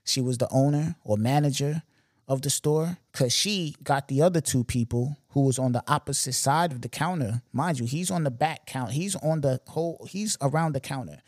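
A man's voice: medium pitch, moderate pace, no room sound. A young man talks through a story on his podcast in a loose, emphatic and slangy way, often turning to the listener with asides. His voice sits in an ordinary middle range. The recording is dry, with no room sound. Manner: animated, slangy, emphatic retelling with repeated asides. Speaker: podcast host. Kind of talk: casual storytelling monologue.

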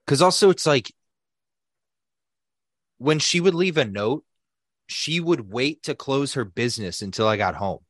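A young man tells a rambling, profane story on a podcast and acts out the people in it. His voice sits at a middle pitch. The sound is close and dry, with no room echo. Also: lively intonation, a little slow, long pauses, fairly bright tone. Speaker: podcast co-host. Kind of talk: casual storytelling chat.

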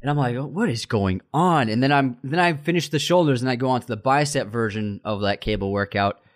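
Animated man telling a heated story. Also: mid-range voice, brisk. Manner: animated storyteller, acts out heated dialogue, many restarts. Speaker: podcast co-host. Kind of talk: casual chat, storytelling.

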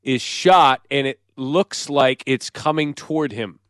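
A man co-hosting a sports podcast, setting up clips with animated, joking storytelling. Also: medium pitch, measured pace, dry recording, clean studio sound. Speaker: podcast co-host. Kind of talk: casual chat.

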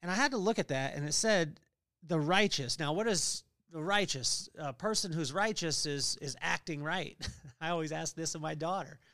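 A middle-aged man hosting a podcast, giving a lively motivational faith talk with family stories and scripture readings. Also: fairly high pitch, moderate pace, dry recording, studio quality. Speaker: podcast host.

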